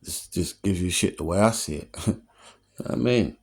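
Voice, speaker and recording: Husky and a little mellow, this man's low voice runs at normal speed. He's a comedian in his 40s on his own opinion show, giving a streetwise, earnest pep talk and repeatedly asking "you know what I mean?"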